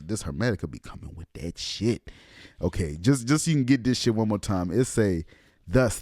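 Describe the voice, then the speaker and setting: A man's voice: mid-range voice, no echo, studio quality. A man giving a casual spoken lecture as a channel host, in loose, slangy, profane talk full of ums and restarts. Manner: slows down to read passages aloud.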